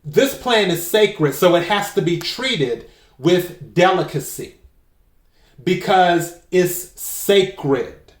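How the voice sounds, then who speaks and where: Slow, emphatic high-voiced man reading oracle cards. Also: animated, reverberant. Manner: slow, emphatic, repeats key phrases. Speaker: tarot and oracle card reader. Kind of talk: spiritual card reading to camera.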